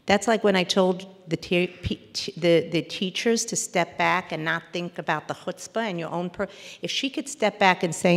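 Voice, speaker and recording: A woman therapist gives a parenting workshop in a somewhat low voice, earnest and emphatic. She often breaks off mid-word and starts again. Her voice carries a long hall reverb. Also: animated, moderate pace, creaky. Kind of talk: workshop lecture.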